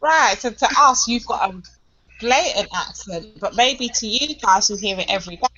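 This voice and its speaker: A woman's voice: on the high side, lively intonation, normal speed, sharp tone. A British woman in casual chat, frank and emphatic, swearing now and then. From Britain. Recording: dull lo-fi audio with faint noise.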